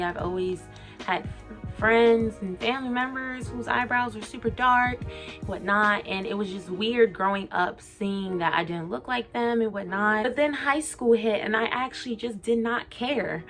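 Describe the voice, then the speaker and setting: A woman's voice: medium pitch, normal speed, fairly bright tone, soft background music. Articulate young woman opening up on camera. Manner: articulate, open, emotional. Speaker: vlogger. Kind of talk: candid confessional vlog.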